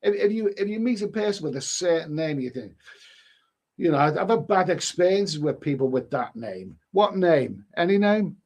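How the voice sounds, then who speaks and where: A man's voice: fairly high pitch, animated, moderate pace, a little mellow. A middle-aged man hosting a live stream in casual chat, rambling and often restarting his sentences as he reads viewer comments. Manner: rambling, repeats words, frequent restarts.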